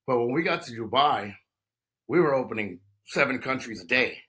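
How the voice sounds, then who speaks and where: A man in his fifties from Texas, speaking as an interview guest at a medium pitch. He talks at length and loops back on himself, restarting phrases and leaning on "you know" as he explains. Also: lively intonation, normal speed, fairly bright tone. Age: 50s. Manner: talkative, many restarts and "you know" fillers. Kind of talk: conversational interview.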